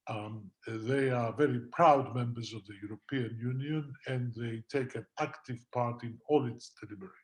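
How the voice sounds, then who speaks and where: Measured man arguing on a webinar panel. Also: medium pitch, steady tone. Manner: measured, argues point by point with frequent fillers. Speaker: guest lawyer on a panel. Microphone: video call.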